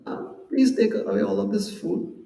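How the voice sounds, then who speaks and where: A man delivers a conversational devotional lecture with a high, gravelly voice. He explains ideas through everyday examples and little acted-out quotes. He is heard from some distance in an echoey temple hall. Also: steady tone, moderate pace, mellow. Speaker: temple speaker.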